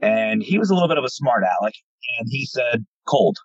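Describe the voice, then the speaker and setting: A man from central Pennsylvania, a paranormal investigator guest, telling stories casually and acting out quoted dialogue with animated delivery. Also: mid-range voice, brisk, lo-fi sound, a crowd in the background. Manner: animated, repeats words when starting, acts out quoted dialogue. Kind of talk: casual storytelling interview.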